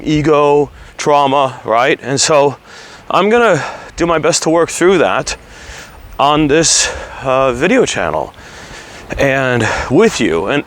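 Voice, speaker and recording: A man vlogging candidly about his weight, earnest and halting. He is slightly out of breath from walking while he talks. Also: medium pitch, a bit bright. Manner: earnest, halting, restarts words while opening up. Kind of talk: candid confessional vlog.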